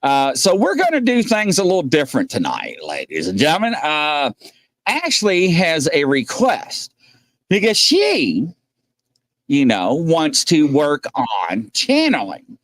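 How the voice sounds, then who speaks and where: A man's voice: a little high, huge pitch swings, measured pace, fairly bright tone, no room sound, clean studio sound. A man hosting a casual livestream, rambling and joking as he reads chat comments aloud and greets viewers. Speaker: host.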